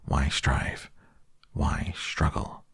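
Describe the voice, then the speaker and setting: A man's voice: low-pitched, expressive, a little slow, vocal fry, husky, no echo, clean studio sound, full character voice. A man voicing a vain, reckless male toad who swaggers and brags in a bedtime audiobook. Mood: brooding. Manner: swaggering, loud bursts of bragging.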